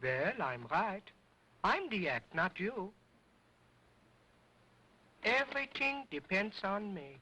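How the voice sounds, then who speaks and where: A cheeky wooden boy dummy, cracking jokes in mangled grammar. His voice swoops up and down with lively pitch, and he takes his time over each line in early sound film style. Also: slow pace, long pauses, full character voice, low-quality recording. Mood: boastful. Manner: sassy, broken grammar, mocking.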